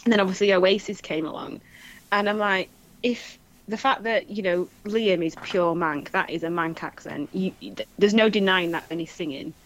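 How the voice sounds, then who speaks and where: A woman with a Manchester accent, co-hosting a casual chat and telling animated stories, acting out what people said. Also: medium pitch, normal speed. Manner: animated storytelling, acts out quoted voices, laughs often. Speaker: podcast co-host.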